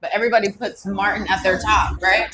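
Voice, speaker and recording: A woman's voice: mid-range voice, fairly even intonation, quick pace, background noise. A woman comedian, a guest on a podcast, chatting casually and rambling with lots of filler words.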